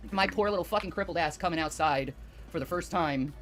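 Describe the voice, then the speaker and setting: A woman's voice: on the low side, brisk, faint music behind. A woman streamer chatting casually, telling a rambling story full of profanity. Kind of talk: casual livestream chat.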